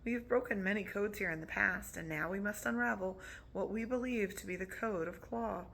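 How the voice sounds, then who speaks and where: A woman voicing an earnest young princess in a storybook read-aloud, speaking softly and formally in a bright voice. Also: mid-range voice, a little fast, creaky.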